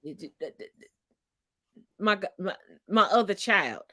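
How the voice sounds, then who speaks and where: A woman in her forties co-hosting a live stream, brash and profane, teasing her co-host and swooping up loud when excited. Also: mid-range voice, measured pace, dry recording, clean studio sound. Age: 40s.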